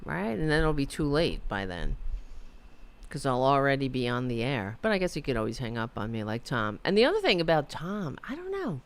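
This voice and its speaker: This time the middle-aged host's very deep voice is brisk, with big pitch swings. Hosting her own talk show from her apartment, she rambles, pokes fun at herself, and reads chat messages out.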